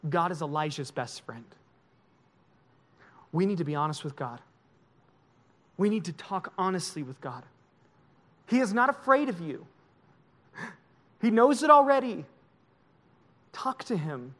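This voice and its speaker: A male pastor preaching a sermon in an emotional, confessional way, swinging from loud to hushed. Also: high voice, very animated, measured pace, long pauses.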